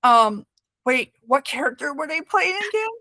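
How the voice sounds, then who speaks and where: A woman interviewer who chats casually, talking fast and teasing herself. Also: high-pitched, very animated, bright, forceful tone, no echo. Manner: chatty, fast-flowing, self-deprecating. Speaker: interviewer, reviewer.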